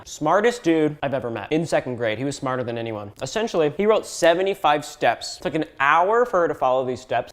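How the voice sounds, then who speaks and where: Animated, playful young man vlogging. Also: a little high. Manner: playful, sarcastic, exaggerated outbursts. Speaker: YouTuber. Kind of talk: comedic vlog commentary.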